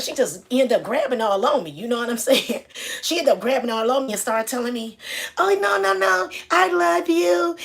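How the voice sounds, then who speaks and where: A woman telling a story casually and greeting viewers as she goes. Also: medium pitch. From Detroit. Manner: chatty, shouts out viewers mid-story. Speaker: vlogger.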